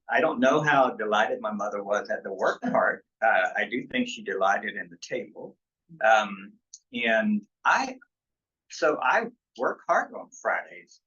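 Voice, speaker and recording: A man, a pastor, leading a casual church book-study discussion, relaxed and chuckling often between thoughts. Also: mid-range voice. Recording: dull lo-fi sound.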